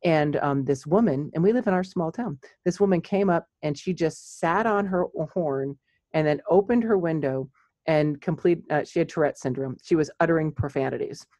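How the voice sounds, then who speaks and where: A middle-aged woman, a clinical psychologist, chatting casually and telling lively stories with frequent laughs. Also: low voice, moderate pace, dry recording. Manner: animated storyteller, laughs often.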